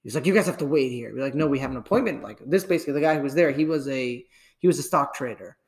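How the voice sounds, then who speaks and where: A young man tells a story in a loose, rambling way, tripping over restarts. His voice has a gravelly edge and sits in a middle pitch. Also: animated, rapid-fire. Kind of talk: casual storytelling chat.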